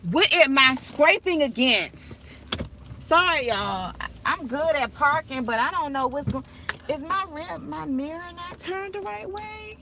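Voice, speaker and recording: A woman vlogging from inside her car, telling stories to her viewers in a chatty, animated way and laughing often. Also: high voice, measured pace, background noise. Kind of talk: casual chat while driving.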